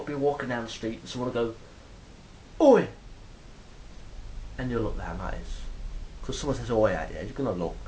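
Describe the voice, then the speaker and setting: A man's voice: mid-range voice, slight background noise, poor audio. A man telling stories in a rambling, casual monologue to a phone camera, swearing freely. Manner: rambling, swears freely, acts out quoted exchanges loudly. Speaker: vlogger.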